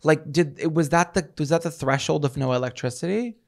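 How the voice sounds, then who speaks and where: A man co-hosting a podcast in casual chat, playful and dramatic with quick rambling asides, mouth a bit dry. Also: fairly high pitch, creaky. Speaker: podcast co-host.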